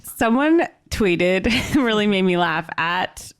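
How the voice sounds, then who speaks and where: A woman's voice: medium pitch, lively intonation, slow, clean tone, soft background music. A woman co-hosting a podcast, chatting casually and wryly, acting out quotes as she dishes. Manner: wry, dishy, acts out quotes. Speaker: podcast co-host. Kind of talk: casual chat about reality TV.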